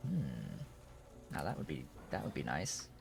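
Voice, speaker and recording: A man's voice: a bass voice, huge pitch swings, measured pace, creaky, over music. A man streaming a game, thinking aloud in a rambling way with many restarts. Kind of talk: casual live-stream commentary while playing.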